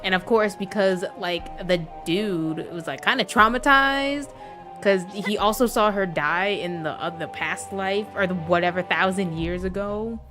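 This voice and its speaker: A woman's voice: mid-range voice, measured pace. Young woman streamer rambling on a live stream, laughs a lot, lots of "like", faint game music behind her. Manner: rambling and animated, laughing often, with many filler words. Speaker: gaming streamer. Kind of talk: casual livestream chat.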